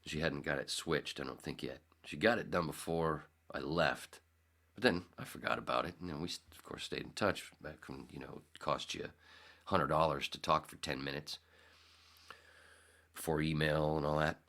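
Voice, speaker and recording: A man's voice: rumbling low, moderate pace, gravelly, sharp tone. A man in his fifties hosting a podcast, telling a long rambling story with restarts and acted-out quotes. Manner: rambling, self-correcting, acts out quotes. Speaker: podcast host. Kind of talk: casual storytelling.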